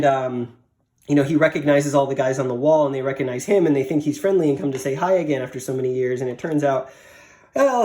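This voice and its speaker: Casting: quick male comic reviewer, casual and rambling, mid pitch. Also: darkish tone. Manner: rambling, many fillers and restarts.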